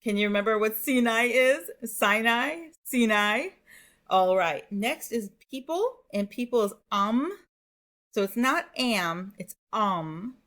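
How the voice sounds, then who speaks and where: A woman teaching a playful Hebrew vocabulary lesson, cheerful and giggly, spelling out each word slowly and carefully and making up silly memory tricks. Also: fairly high pitch. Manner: slow, careful pronunciation of words.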